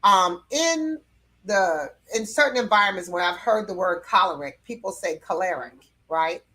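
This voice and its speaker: A woman's voice: medium pitch, moderate pace, pushed and bright. A woman teaching about personality temperaments in a casual, conversational way, with fillers and light laughs.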